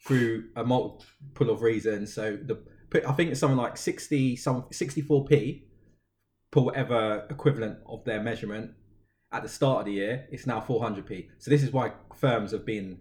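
A man co-hosting a podcast in casual chat, explaining things quickly and emphatically. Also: medium pitch, a little mellow. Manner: fast, emphatic explaining, mocking voices. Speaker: podcast co-host.

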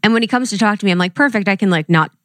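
Young woman, podcast co-host, animated storyteller, casual chat, dry studio mic. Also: mid-range voice, rapid-fire, dry recording. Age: young adult. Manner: animated storyteller, swears freely, acts out quotes.

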